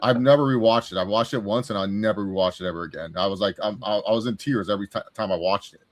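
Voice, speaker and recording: An excitable young man in a loose podcast chat. He talks with quick emotional swings and rambles from story to story. His voice sounds close and dry, with little room around it. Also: lowish voice, no room sound. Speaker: co-host, film reviewer.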